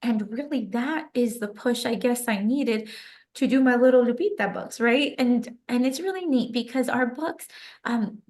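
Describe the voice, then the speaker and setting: A young adult woman, a guest author, telling a personal story in an interview with emotion and many casual "like" fillers. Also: on the high side. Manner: emotional, animated retelling with frequent "like" fillers.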